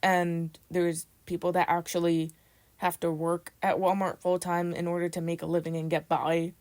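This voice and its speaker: A young woman co-hosting a casual podcast, easygoing as she walks through each topic. Her voice sits fairly low for a woman. She talks in a relaxed, conversational way. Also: normal speed. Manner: relaxed, laughs often, summarizes topics. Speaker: podcast co-host. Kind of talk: casual chat.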